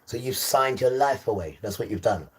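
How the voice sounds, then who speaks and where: A man's voice: mid-range voice, lively intonation, moderate pace. A man hosting a live stream, exhorting a listener in a preachy, repetitive way and calling him son.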